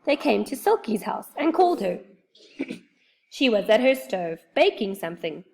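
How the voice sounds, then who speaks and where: A woman reads a children's storybook aloud, telling it in an expressive, lively way. Her mid-range voice is creaky and moves at a moderate pace.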